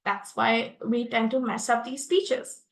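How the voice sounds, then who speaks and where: A young woman with an Indian English accent gives a lesson on public speaking. Her voice sits high, and she talks earnestly, stumbling through fillers and restarts. The room around her sounds echoey. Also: fairly even intonation, measured pace. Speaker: guest expert speaker.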